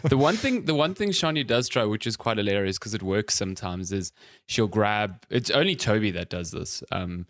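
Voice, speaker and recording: Joking podcast man, low dry voice. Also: animated, moderate pace, few pauses, a bit bright, no echo. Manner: joking, rambling, acts out what his cats think. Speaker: podcast co-host. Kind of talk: casual chat.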